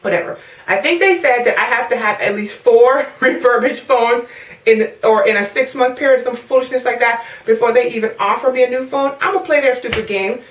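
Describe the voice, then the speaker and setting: A young woman from the Caribbean vents in a sassy, animated way, her voice a touch high. She sounds set back from the mic, in an echoey room. She is pregnant and chatting casually to her viewers. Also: fairly quick, far from the mic. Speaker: vlogger. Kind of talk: casual rant to camera.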